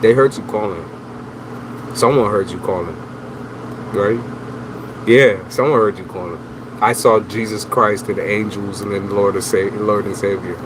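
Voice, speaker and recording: A man's voice: on the low side, normal speed, long pauses, rough recording. A man giving casual tarot readings on a livestream, slangy and teasing, talking straight to his viewers. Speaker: tarot reader, livestream host. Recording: steady background noise.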